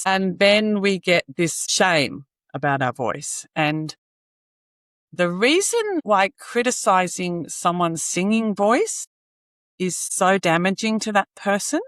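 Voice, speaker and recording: An earnest woman talks as a guest on a podcast, mid-pitched and unhurried. Her voice is dry and close, with no room around it. She laughs softly between points. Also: no room sound. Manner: earnest, warm explainer with soft laughs and "you know" fillers. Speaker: singing advocate guest. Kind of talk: podcast interview.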